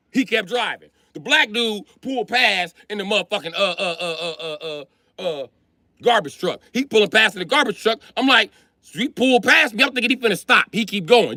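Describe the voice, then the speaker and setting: A man streaming live, telling a heated story in a loud, profane rant that breaks into shouting. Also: extremely high pitch, lively intonation, fairly quick, dry recording, clean studio sound. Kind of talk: ranting storytime.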